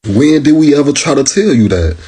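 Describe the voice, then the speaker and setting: A man's voice: mid-range voice, expressive, fairly quick, mellow. An American man reacting to video clips with sarcastic, slangy rebuttals. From United States. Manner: sarcastic, repeatedly addresses the clip, slangy.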